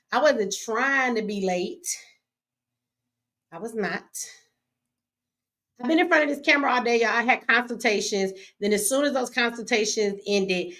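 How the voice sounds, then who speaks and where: A brash woman hosts a casual livestream from her home studio, her voice sitting a little high. She jokes, teases and swears freely as she talks straight to her audience. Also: a bit bright. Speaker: livestream host.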